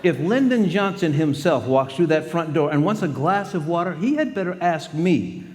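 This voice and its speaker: A firm, commanding mother from the 1960s lays down the law, her voice pitched high and lively as a man acts her out. Each scolding line rings out with a long reverb. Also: moderate pace, lightly acted.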